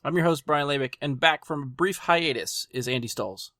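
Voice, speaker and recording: A man's voice: fairly high pitch, normal speed, sharp tone, no echo. Man, podcast host, casual banter, self-deprecating, dry studio sound. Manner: self-deprecating, laughs easily.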